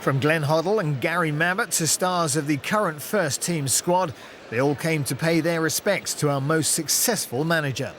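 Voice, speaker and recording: A man reading scripted voice-over narration for a season review in a smooth, even way. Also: on the high side, moderate pace, slight background noise.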